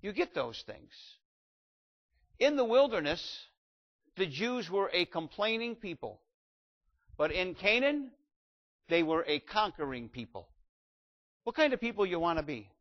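A man in his fifties preaches with a fairly high voice, rising into loud, ringing exhortation and then dropping low for quiet stories. The sound is dull and lo-fi. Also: very animated, unhurried, pauses often. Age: 50s. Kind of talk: sermon. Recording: dull lo-fi recording.

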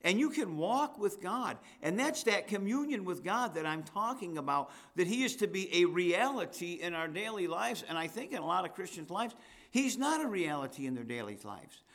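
A man preaching a sermon, reading scripture aloud and rising in pitch and force at the high points. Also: very animated, moderate pace, a bit bright.

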